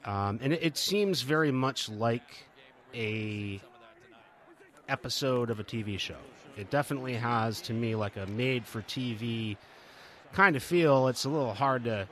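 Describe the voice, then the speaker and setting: A man's voice: medium pitch, measured pace, a bit bright. A man co-hosting a podcast, talking casually in a wry, questioning way. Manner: wry, questioning, hesitant with fillers. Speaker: podcast co-host. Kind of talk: casual chat.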